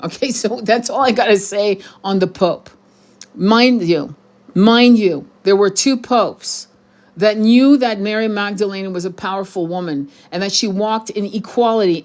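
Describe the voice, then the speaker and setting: A woman hosting her spiritual channel, talking bluntly and heatedly to her viewers in a profane, rambling monologue with many restarts. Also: mid-range voice. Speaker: tarot channel host.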